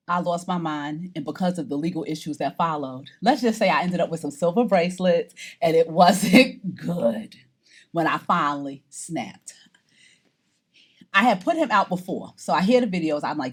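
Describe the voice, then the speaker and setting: In a documentary interview, a middle-aged New York woman tells her own story straight to camera, animated and theatrical as she acts out the voices of the people in it. Her voice is low and slightly rough, at a normal speed.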